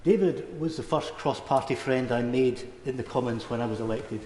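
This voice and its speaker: A man's voice: mid-range voice, moderate pace, warm tone. A man, a member of parliament, giving an earnest, personal tribute speech in a parliamentary chamber. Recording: echoey hall with faint background hum.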